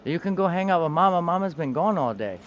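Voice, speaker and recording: A laid-back young man talks loosely on a game stream, trailing off and cursing now and then. His voice sits a touch high, and a faint hum of background noise runs under it. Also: lively intonation, fast, lo-fi sound. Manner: laid-back, swears casually, trails off mid-sentence. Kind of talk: casual gaming stream chat.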